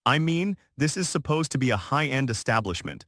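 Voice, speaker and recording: A man's voice: mid-range voice, sing-song, brisk, fairly bright tone, no room sound, studio quality. A man doing an arrogant, condescending businessman. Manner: condescending and assertive.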